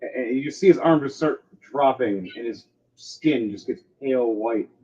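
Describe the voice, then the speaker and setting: A man narrating as game master of a tabletop game, lively and full of sound effects. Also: mid-range voice, normal speed, lo-fi sound.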